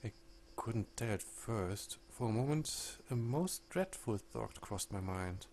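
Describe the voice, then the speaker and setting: A proud Victorian lady telling her story in a dark video game, read by a man. The voice is measured and deliberate, with a gravelly texture. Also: lowish voice, lively intonation, a little hiss or hum. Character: composed Victorian lady, sole survivor.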